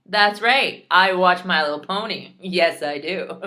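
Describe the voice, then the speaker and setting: Low-pitched woman teaching clear pronunciation. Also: bright, forceful tone. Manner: clear, drawn-out pronunciation drills; chatty and self-teasing. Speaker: Spanish teacher. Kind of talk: recorded class lesson.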